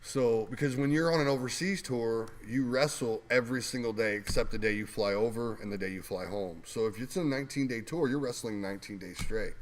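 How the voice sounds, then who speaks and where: A man's voice: mid-range voice, fairly quick, hardly any pauses. A man casually telling rambling, laughing anecdotes as a guest co-host, with lots of fillers. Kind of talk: casual storytelling.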